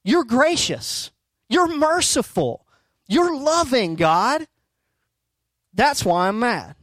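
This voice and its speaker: A man's voice: extremely high pitch, very animated, takes it slowly, fairly bright tone, no room sound, studio quality, voice pushed up, heavily acted. A man voicing an exasperated male prophet complaining indignantly to God in a raised, whiny voice.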